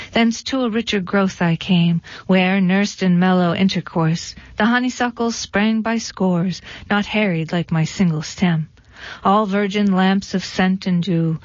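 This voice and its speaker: Woman reading poetry, measured rhythmic delivery, mid-pitched voice, dull lo-fi sound, dry. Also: no room sound. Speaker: reader.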